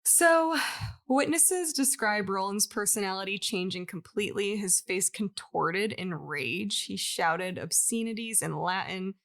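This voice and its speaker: A woman's voice: medium pitch, lively intonation, a little slow, fairly bright tone. Chatty woman podcast host. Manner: chatty, laughs often, many likes. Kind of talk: casual storytelling chat.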